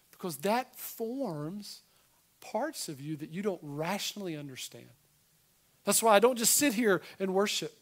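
High-voiced animated man preaching. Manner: animated, emphatic preaching with conversational asides. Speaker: pastor. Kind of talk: sermon.

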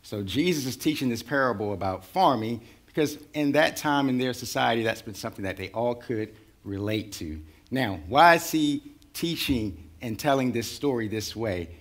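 A man's voice: mid-range voice, lively intonation, moderate pace. A man preaching a sermon in a conversational way, building to rising intensity. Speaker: pastor.

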